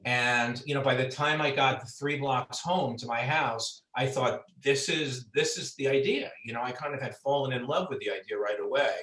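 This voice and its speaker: A man's voice: medium pitch, moderate pace, hardly any pauses, a bit bright. A man, an author, chatting about his book with lots of fillers and restarts, heard over a video call. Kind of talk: conversational book talk. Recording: roomy sound, far from mic.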